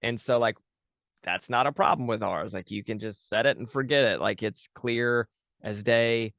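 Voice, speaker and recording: A man's voice: medium pitch, moderate pace, vocal fry, fairly bright tone, no room sound, studio quality. A man chatting casually as a guest, talking about running his tabletop game podcast, with many fillers and restarts. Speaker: podcast dungeon master, guest. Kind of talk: casual interview chat.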